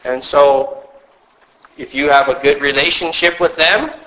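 Guy preaching a sermon, kinda high and sharp voice, earnest, tells little stories. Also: rough recording. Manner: earnest, measured preaching with storytelling asides. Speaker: pastor.

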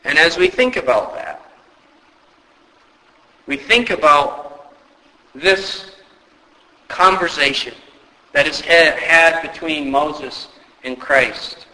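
A man preaching a sermon, often asking rhetorical questions and rising sharply in pitch for emphasis. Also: slow pace, long pauses, pushed and bright, long reverb tail, rough recording. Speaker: pastor.

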